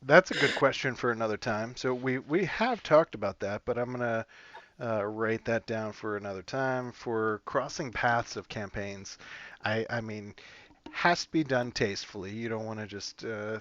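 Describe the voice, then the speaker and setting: A man's voice: lowish voice, measured pace, a bit bright, no room sound, lo-fi sound. A man hosting a casual chat about a tabletop campaign, rambling through restarts and laughing often. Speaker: podcast host reviewing a tabletop campaign.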